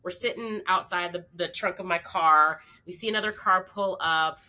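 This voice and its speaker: A woman in her forties, a podcast guest, telling a story in a chatty, animated way with many fillers. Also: on the low side, moderate pace. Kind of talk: casual storytelling.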